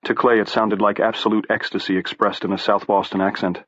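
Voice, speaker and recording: Low-voiced male audiobook narrator, dry and dull. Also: flat delivery, a little fast, a bit bright, no echo. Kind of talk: scripted narration.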